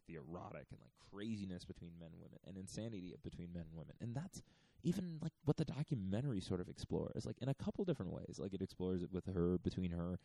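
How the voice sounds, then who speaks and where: Rambling man with a dark low voice. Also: gravelly, dry recording, poor audio. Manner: rambling, many fillers and restarts. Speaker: podcast host. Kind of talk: casual podcast chat.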